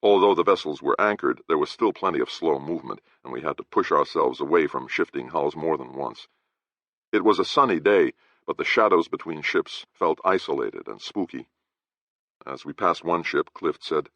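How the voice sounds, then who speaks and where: A man narrating an audiobook in first person with measured storytelling, in a dry, slightly dull recording. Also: rumbling low, lively intonation, creaky, a bit bright, no echo.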